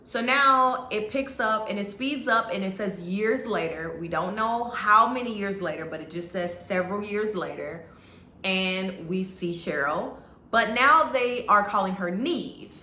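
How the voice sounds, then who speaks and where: A woman's voice: mid-range voice, unhurried, pushed and bright, a little hiss or hum. A woman chatting through a movie review in a casual, rambling way, full of restarts and fillers. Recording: echoey room.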